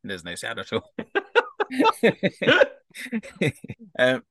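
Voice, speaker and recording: A man's voice: mid-range voice, wildly swooping pitch, very slow, fairly bright tone, no room sound, clean studio sound. A man narrating as a game master, chuckling often and hesitating with ums.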